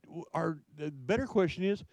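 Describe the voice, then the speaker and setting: A male pastor delivers a sermon, drawing out his rhetorical questions with slow emphasis. His voice sits a touch higher than most men's. The sound is dry and close, with no room echo. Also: expressive, darkish tone.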